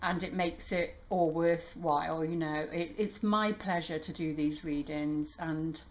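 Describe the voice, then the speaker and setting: A woman tarot reader talking warmly to her viewers, halting and emotional, with many restarts. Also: deep voice, fairly even intonation. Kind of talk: casual heartfelt channel talk.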